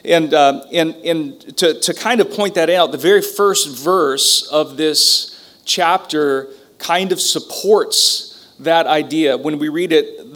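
A man's voice: fairly high pitch, measured pace, fairly bright tone. A man preaching a conversational sermon as a pastor, with frequent fillers and restarts. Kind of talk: sermon teaching.

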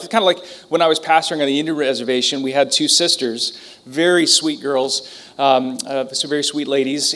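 A man teaching a Bible lesson from the pulpit in a relaxed, conversational way. His voice sits fairly high for a man, and he often pauses, restarts and fills gaps with um and uh. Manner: conversational, with frequent fillers and restarts. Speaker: pastor. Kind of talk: sermon teaching.

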